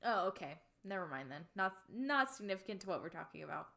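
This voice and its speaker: A woman's voice: fairly low pitch, very animated, quick pace, creaky, pushed and bright. A young woman from the United States co-hosting a podcast, chatting casually and animatedly with lots of filler words. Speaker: podcast co-host. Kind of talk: casual chat.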